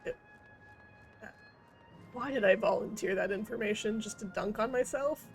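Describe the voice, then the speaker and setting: Woman, game streamer, casual rambling commentary, self-mocking puns, fry in the voice, middling pitch. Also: normal speed, faint music behind.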